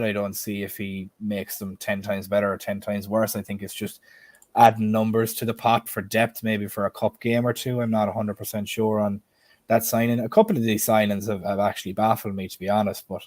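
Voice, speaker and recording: A man's voice: fairly low pitch, darkish tone, dry recording. A man with an Irish accent hosting a casual stream chat, often turning questions to the panel and the chat. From Ireland. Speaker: host.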